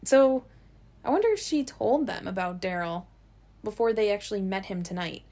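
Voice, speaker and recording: A woman's voice: medium pitch, expressive, moderate pace, warm tone. A woman co-hosting a podcast, chatting casually as she recaps scenes and reads out lines of dialogue. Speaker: podcast co-host. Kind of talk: casual episode recap chat.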